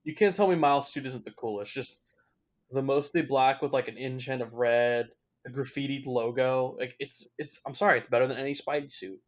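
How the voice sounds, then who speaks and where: A man's voice: mid-range voice, brisk. Young guy doing casual movie commentary. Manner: unfiltered, swears freely, openly emotional. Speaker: movie reviewer.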